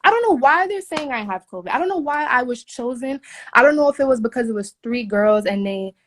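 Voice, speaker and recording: In a casual phone video shot in a hotel room, a young flight attendant rants about what happened to her. Her voice is high and animated and she talks fairly quickly, sounding indignant and emphatic and swearing often.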